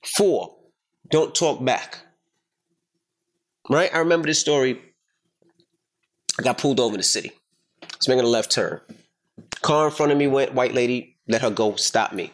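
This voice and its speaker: A man's voice: medium pitch, moderate pace, long pauses. Blunt, profane middle-aged man telling a story. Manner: emphatic, profane, animated retelling. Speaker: podcast host. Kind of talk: casual storytelling chat.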